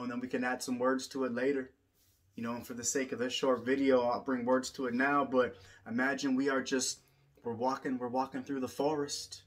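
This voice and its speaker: Man speaking rhythmic poetry over drumming. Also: medium pitch. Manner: rhythmic, repetitive spoken-word phrasing. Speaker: poet and drummer. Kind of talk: spoken-word drum lesson. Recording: drum music playing throughout.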